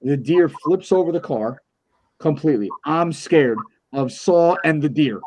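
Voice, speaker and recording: Animated, swearing man telling a story. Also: on the high side, measured pace. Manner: animated storyteller, acts out quoted voices, swears freely. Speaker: podcast co-host. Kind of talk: casual storytelling chat.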